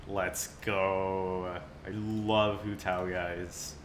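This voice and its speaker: A man's voice: deep voice, flat delivery, very slow, a little hiss or hum. A man streaming live with a groggy morning voice, flustered and self-mocking as he reads aloud to chat.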